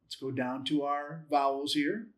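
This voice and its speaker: A man with a fairly high-pitched voice leads a patient, step-by-step lesson. He sounds out each letter slowly and repeats syllables several times. He corrects his own slips with light, self-deprecating humor. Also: steady tone. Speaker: Bible Hebrew teacher. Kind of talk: classroom-style language lesson.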